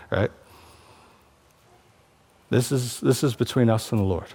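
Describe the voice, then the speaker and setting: A man preaching a sermon from the pulpit of a church. He talks to the congregation in a conversational way and pushes into passionate, emphatic stretches. His pitch sits in an ordinary middle range. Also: moderate pace, long pauses, dark tone, husky. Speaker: pastor.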